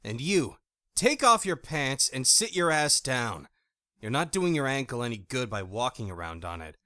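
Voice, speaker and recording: A hot-tempered young woman in an audiobook, as a male narrator puts her on, bright and lively in tone. She snaps out curt, blunt retorts, recorded dry and close. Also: mid-range voice, moderate pace, dry recording. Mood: fierce. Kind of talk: audiobook character voice.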